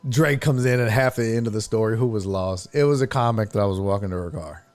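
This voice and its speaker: A man's voice: fairly low pitch, fast. A man in his fifties hosting a podcast, telling a funny story with a lot of swearing and acting out what people said. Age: 50s. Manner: profane, animated, acts out quotes. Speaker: podcast host. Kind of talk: comedic storytelling.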